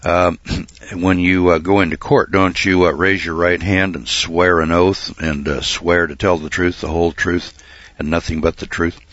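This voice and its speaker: Low-voiced preacher guy, rambling folksy sermon, dull dry lo-fi tape. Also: level tone, moderate pace, fairly bright tone, no echo. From United States. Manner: folksy, digressive, frequent uh and clearing throat. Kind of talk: sermon with Bible study.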